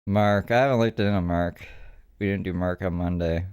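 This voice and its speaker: A man's voice: deep voice, fairly even intonation, moderate pace, a little mellow, smooth, no room sound, studio quality. A man hosting a live stream, chatting casually and joking to himself as he clicks through videos. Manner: chatty, jokey, talks to himself while clicking around.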